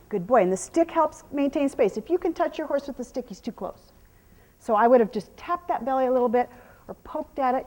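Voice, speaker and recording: A woman horse trainer gives a hands-on demonstration, explaining horse handling to the viewer in plain steps with a high, slightly raised, expressive voice at a brisk pace. Between explanations she soothes the horse with gentle, hushed murmurs of praise.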